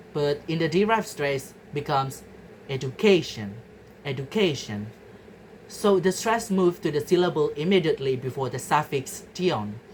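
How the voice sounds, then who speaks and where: A woman's voice: sits low, a little hiss or hum, poor audio. A young woman from Indonesia giving a class presentation, carefully repeating example words to show their stress. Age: young adult. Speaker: student presenter.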